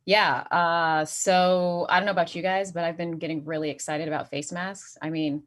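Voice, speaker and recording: A woman's voice: on the low side, little pitch movement, normal speed, background noise. A woman performing a stand-up comedy set online, delivering dry punchlines and often chuckling at her own jokes. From Saudi Arabia.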